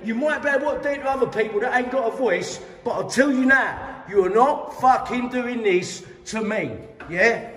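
A man's voice: extremely high pitch, animated, normal speed, a bit bright. A middle-aged man with a London accent, ranting angrily and profanely while filming a complaint on his phone. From London, England. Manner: profane, repetitive, heated. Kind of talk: angry confrontational rant. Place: hospital waiting area, indoors. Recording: echoey hall with long reverb.

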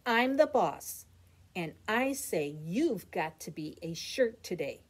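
A woman's voice: medium pitch, very animated, slow pace, breathy edge, exaggerated voice. A woman voicing a playful, bossy little boy who orders his clothes around.

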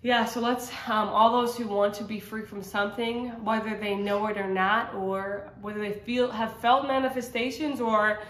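A woman's voice: medium pitch, steady tone, moderate pace, few pauses, fairly bright tone, a little hiss or hum. A woman sharing a personal faith testimony in casual, earnest talk, rambling with many fillers and restarts. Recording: roomy echo.

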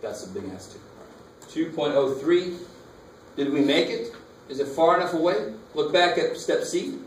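A man's voice: on the high side, very animated, fairly quick. A man teaching a math lecture, talking casually and asking the class questions. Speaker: math instructor. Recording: echoey classroom from far off, faint noise.

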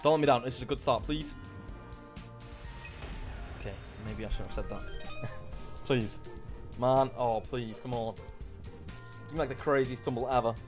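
A young man commentating his slot gambling session, shouting excitedly as wins land. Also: medium pitch, unhurried, pauses often, faint music behind. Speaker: slot streamer.

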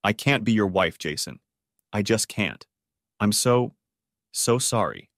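A man's voice: lowish voice, expressive, a little slow, a bit bright, dry recording, clean studio sound. A man voicing a distressed young bride who stammers through tears in an audiobook story. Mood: anguished.

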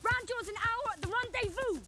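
A chatty young woman hurries through her words in a very high voice. Loud noise runs underneath her. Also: brisk. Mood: rushed.

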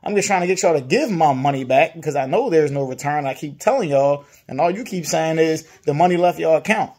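Frustrated man venting, fairly high voice. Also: a little fast, a little mellow. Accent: Virginia. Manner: frustrated, repetitive, mimics others' lines. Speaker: customer complaining about a dealer. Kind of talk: casual venting monologue.

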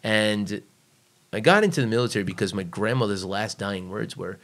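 A man's voice: fairly low pitch, moderate pace, fairly bright tone. An American man, a former navy serviceman, telling blunt, profane stories as a podcast guest, acting out what people said. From United States. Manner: blunt, profane, emphatic, acts out quoted voices. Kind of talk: casual storytelling in a podcast interview.

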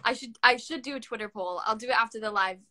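A woman's voice: on the high side, fast, bright, forceful tone. A young woman hosting a phone live stream, chatty and giggly as she reads out comments. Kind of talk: casual chat. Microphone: phone on a live video call.

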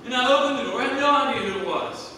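A man in his thirties preaching a sermon, swinging between hushed and loud, emphatic delivery. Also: extremely high pitch, fast talker, background noise. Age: 30s. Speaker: pastor. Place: church sanctuary. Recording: echoey church hall from a distant mic.

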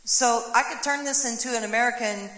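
A woman's voice: fairly high pitch, brisk, a bit bright. A woman pastor preaching a sermon, voicing prayers and quotes dramatically. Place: church sanctuary. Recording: echoey hall with long reverb.

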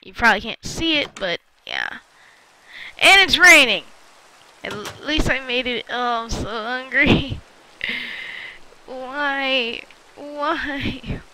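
A woman's voice: high-pitched, lively intonation, takes it slowly, long pauses, pushed and bright, a little hiss or hum, rough recording. A woman giving chatty let's-play commentary while gaming, talking to her viewers with frequent exclamations. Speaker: gamer.

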